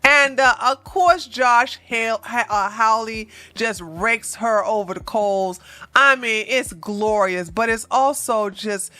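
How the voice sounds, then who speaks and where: Sarcastic, bright-voiced woman host. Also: on the high side, takes it slowly, no echo. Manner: sarcastic, emphatic, slangy. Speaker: political commentary host. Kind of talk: casual political commentary.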